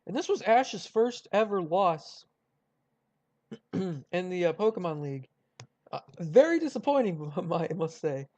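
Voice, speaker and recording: A man's voice: high voice, big pitch swings, unhurried, long pauses, darkish tone, muffled recording. A young man casually chatting through a ranked list, rambling with many fillers and restarts. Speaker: YouTuber ranking cartoon rivals. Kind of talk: casual commentary.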